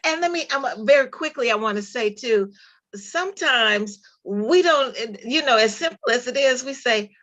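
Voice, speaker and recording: A woman's voice: a little high, normal speed, fairly bright tone. A woman in a faith group call who shares prayers and keeps affirming the others with short agreements. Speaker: group member. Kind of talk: casual faith-based group chat.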